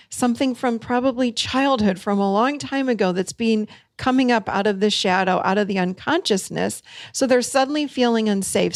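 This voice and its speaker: A woman hosting a solo talk show, teaching and acting out example lines in an animated way. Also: fairly high pitch, no room sound, studio quality. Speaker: podcast host and coach.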